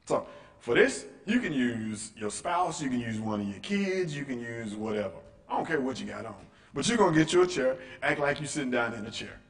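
A man leading a lively teaching session in a church room, acting out quotes and firing off rhetorical questions to the audience. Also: medium pitch, a little fast. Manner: animated, acts out quotes and asks rhetorical questions. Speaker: workshop speaker. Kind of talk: interactive teaching talk.

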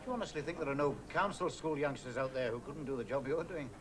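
A man's voice: mid-range voice, fast, close to an everyday voice. An actor playing a teasing, well-read Scottish factory worker, a middle-aged man with a Scottish accent and an ironic way with words. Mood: wry. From Scotland. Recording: hissy old television broadcast.

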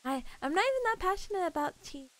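A bubbly woman streamer with a very high voice that swoops up and down as she plays and chats with her viewers. Her talk is casual and giggly. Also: very animated, quick pace, a bit bright. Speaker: VTuber streamer. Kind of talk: casual gameplay stream chat.

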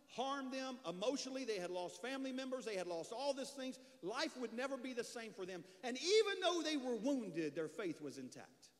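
Casting: male pastor, high voice, animated storyteller, preaching in a church with long reverb. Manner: lively storyteller, swings from loud bursts to low, hushed lines. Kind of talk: storytelling sermon. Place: church sanctuary.

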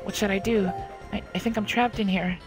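A man's voice: high-pitched, level tone, fast, music in the background, voice pushed up, natural voice. A man voicing a frightened young girl who pleads and screams for help in a game. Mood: scared.

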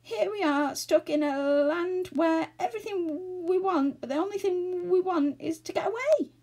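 A woman reading aloud and voicing an excitable, fretful male fairy-tale creature who gushes, then trembles. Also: sits high, normal speed, voice pushed up. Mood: trembling. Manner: gushing and jumpy, then trembling.

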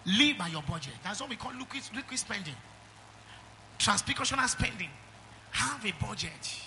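A man's voice: high-pitched, a little fast, pushed and bright, a little hiss or hum. A middle-aged man with a Nigerian accent preaching a sermon, emphatic and calling the congregation for amens. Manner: emphatic preaching with call-and-response. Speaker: pastor.

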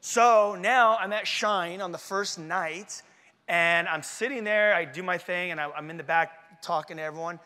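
High, bright-voiced man preaching in a hall. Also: normal speed. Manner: casual, slangy, acts out his own quoted words. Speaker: conference speaker. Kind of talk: storytelling sermon.

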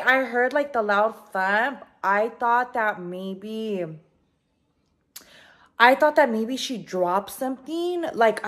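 Animated young woman telling a story. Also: on the high side. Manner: animated, swears freely, heavy use of "like". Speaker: vlogger. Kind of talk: casual storytime vlog. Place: home kitchen, indoors.

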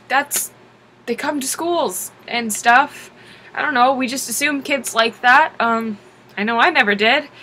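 A woman in her twenties telling a story in animated storytime narration, exasperated and lively, acting out her own lines. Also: high voice.

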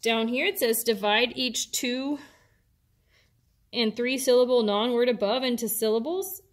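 A woman's voice: a little high, unhurried. A woman teacher, patiently explaining a worksheet step by step to her students. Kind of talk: classroom instruction video.

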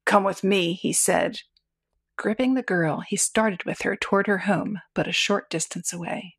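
A woman narrating an old pulp short story as an audiobook in a steady, measured way. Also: medium pitch, creaky, slightly rough.

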